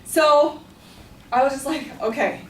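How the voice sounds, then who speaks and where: A woman's voice: medium pitch, normal speed. A young woman telling a personal story to a class in a chatty way, with lots of fillers and giggles. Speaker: student storyteller. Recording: echoey room, far from the mic, faint hum.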